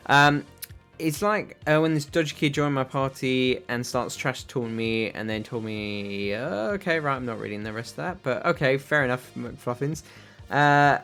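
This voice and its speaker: A man's voice: mid-range voice, normal speed, fairly bright tone, soft background music. A British man hosting a casual livestream, answering viewers' chat in a rambling way with lots of ums and uhs. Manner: rambling, filler-heavy, answers chat questions. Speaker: livestream host reading chat.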